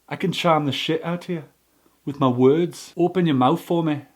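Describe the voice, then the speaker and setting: A man's voice: on the high side, moderate pace, lightly acted. A man impersonating a cocky young male street magician, speaking in an intimate, commanding way.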